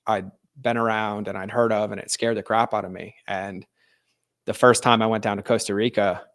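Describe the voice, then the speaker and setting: A man's voice: on the low side, flat delivery, moderate pace, a bit bright. A man speaking as a podcast guest, telling a personal story earnestly and candidly, with many "like" fillers and restarts.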